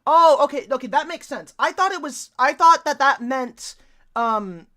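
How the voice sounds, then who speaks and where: A woman live streaming, reacting to a video in casual, excitable chat and swearing freely. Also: high-pitched, normal speed.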